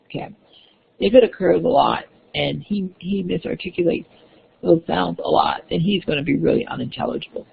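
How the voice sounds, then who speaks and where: A woman instructor talks through a classroom lecture, her voice gravelly and husky. She explains step by step and often restarts her sentences. The recording sounds thin and phone-like. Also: on the low side, brisk. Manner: explanatory, with frequent restarts and fillers.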